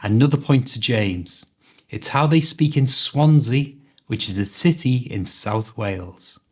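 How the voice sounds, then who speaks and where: Upbeat host with a mild Scouse accent. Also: male voice, mid-range voice, expressive, measured pace. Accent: Liverpool Scouse, mild. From Liverpool, England. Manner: upbeat, clear, instructive. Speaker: host and English coach. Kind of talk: quiz-show hosting.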